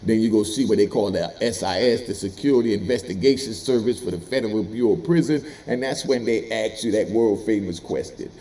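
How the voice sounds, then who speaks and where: A man's voice: fairly low pitch, a little fast, few pauses, warm tone. A middle-aged man telling prison stories in a casual, streetwise way, laughing as he goes. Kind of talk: casual storytelling monologue.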